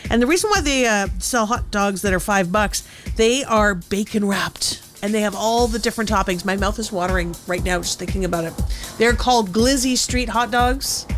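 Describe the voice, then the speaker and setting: Chatty upbeat woman radio host. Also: fairly high pitch. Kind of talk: casual radio chat.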